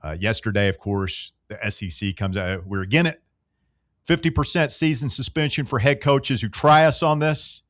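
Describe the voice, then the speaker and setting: Man, sports radio host, mid pitch, dry close studio sound, sarcastic. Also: moderate pace, fairly bright tone, no echo. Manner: sarcastic, needling banter. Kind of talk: casual sports talk radio.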